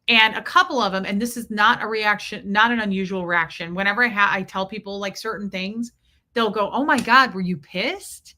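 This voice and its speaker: A woman's voice: medium pitch, pushed and bright. A woman in her forties hosting a casual livestream, rambling and thanking viewers by name as she talks. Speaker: livestream host.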